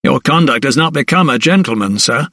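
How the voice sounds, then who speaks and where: A man's voice: mid-range voice, expressive, fairly quick, sharp tone, no echo, clean studio sound. A man voicing an indignant, blustering steward in an audiobook, roaring his rebukes. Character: gruff, blustering male steward, quick to anger.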